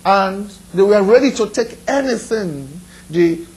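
High-pitched guy preaching, earnest, keeps repeating himself and asking the listener stuff. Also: animated, unhurried, a little mellow, husky, poor audio. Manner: earnest, repetitive preaching with direct questions to listeners. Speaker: pastor. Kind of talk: sermon.

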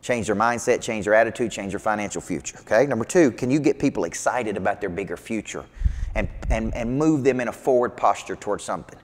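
A man giving an energetic motivational sales talk as a business coach, emphatic and repetitive. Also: lowish voice, quick pace. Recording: long hall reverb.

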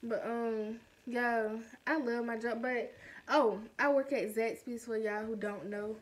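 A young woman telling a storytime vlog in a chatty, animated way, full of slangy asides. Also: fairly high pitch, a little slow. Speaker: vlogger.

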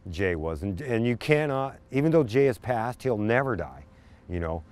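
Heartfelt man with a lively voice. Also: lowish voice, moderate pace. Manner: heartfelt, emphatic tribute. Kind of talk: documentary interview.

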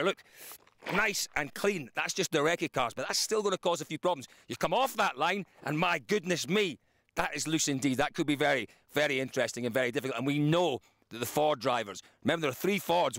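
A man reporting from a dusty mountain rally stage, out of breath as he talks to camera. His voice sits a little high, and his delivery is lively and chatty as he points things out. The sound is dry and close, with little room around it. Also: dry recording. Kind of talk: on-location piece to camera.

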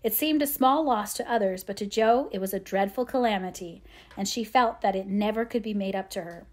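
A woman with a medium-pitched voice reads a classic novel as an audiobook narrator. Her scripted storytelling is measured yet expressive.

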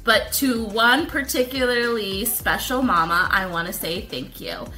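A woman co-hosting a podcast, chatting and reading listener messages, sentimental and quick to laugh. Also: mid-range voice, animated, sharp tone, soft background music. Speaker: podcast co-host.

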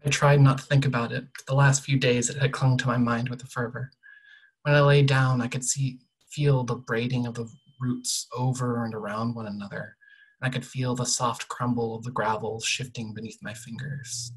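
Quiet husky-voiced author reading fiction. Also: medium pitch, level tone, low-quality recording. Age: young adult. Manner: quiet, measured, often trailing off softly. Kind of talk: literary reading of a novel excerpt.

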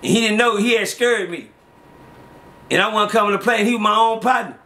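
A middle-aged man, telling street stories in a loose, animated way, acting out quotes and laughing often. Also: high-pitched, a little fast. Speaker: interview guest. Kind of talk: casual street storytelling.

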